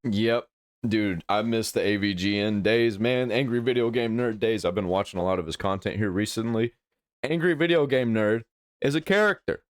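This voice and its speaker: A man's voice: medium pitch, dry recording. Blunt sweary guy reacting to vids, middle voice, dry close mic. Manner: blunt, profane, opinionated. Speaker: host reacting to videos. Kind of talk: casual reaction commentary.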